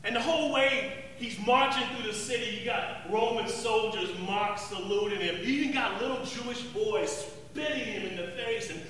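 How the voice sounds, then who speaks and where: A man playing a rough, remorseful zealot in a dramatic first-person monologue, talking in an emphatic, street-tough way and repeating words. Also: high-pitched, moderate pace, hardly any pauses, a bit bright, slight background noise. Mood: solemn. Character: rough, remorseful male zealot recalling the crucifixion. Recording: echoey hall, distant mic, faint ambience.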